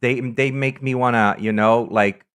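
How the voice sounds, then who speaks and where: A man's voice: mid-range voice, fairly even intonation, unhurried, noisy background. A man from Brazil with a São Paulo Brazilian accent, a native Portuguese speaker, chatting casually and rambling as he reads viewer comments on a stream.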